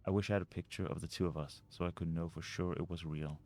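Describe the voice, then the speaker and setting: A man's voice: sits low, steady tone, fast talker, darkish tone. A man playing a mystery video game, reading notes and letters aloud and muttering over the puzzles. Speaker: let's play gamer.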